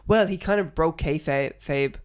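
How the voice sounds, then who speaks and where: An Irish man co-hosting a casual podcast. He talks in a chatty, joking way with quick back-and-forth banter. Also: a little high, clear, resonant tone. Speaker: podcast co-host. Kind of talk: casual chat about movies.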